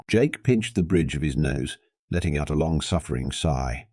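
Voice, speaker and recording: Deep male narrator for audio stories, steady read, dry close sound. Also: moderate pace, no room sound. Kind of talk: scripted narration.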